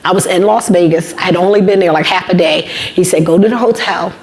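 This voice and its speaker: Woman, 50s, guest speaker, motivational talk, animated storytelling, emphatic repetition. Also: on the low side, fast talker. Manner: animated storyteller, acts out quoted dialogue.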